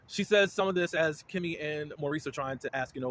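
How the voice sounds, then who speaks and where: Man, somewhat high voice, chatty animated recap of reality TV, quick to laugh and judge. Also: a little hiss or hum. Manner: animated, opinionated, laughs often. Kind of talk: casual episode recap.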